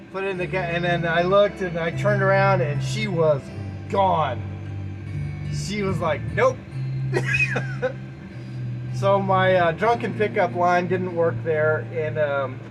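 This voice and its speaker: A man's voice: high voice, rough recording. A middle-aged man talking casually and candidly about his music in a small shed studio, rambling with many restarts and fillers. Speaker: musician explaining his album. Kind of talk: casual talk to camera, track by track. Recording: music playing clearly behind the voice.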